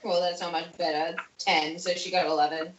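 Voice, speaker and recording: A woman playing in a tabletop game, relaxed and describing what her character does. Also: lowish voice, brisk. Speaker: player. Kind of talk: casual tabletop play. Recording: roomy, distant lo-fi mic with faint noise.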